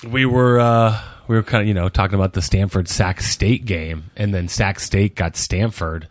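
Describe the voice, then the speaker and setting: A man's voice: on the low side, steady tone, normal speed, no echo, clean studio sound. A man co-hosting a sports podcast, laid-back, with short reactions and asides. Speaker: podcast co-host. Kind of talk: casual sports chat.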